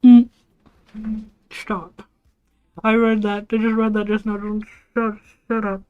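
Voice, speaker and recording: A woman's voice: medium pitch, little pitch movement, slow, smooth, muffled recording, faint music behind. A young woman livestreaming, rambling through school stories with laughs and lots of "like" and "bro". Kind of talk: casual storytelling to a live chat.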